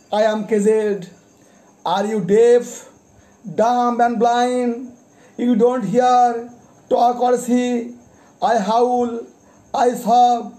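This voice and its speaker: A man, a poet, reciting his own poems, announcing each title and page number deliberately and repeating them, then explaining each poem. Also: very high voice, mellow. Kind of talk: poetry recitation.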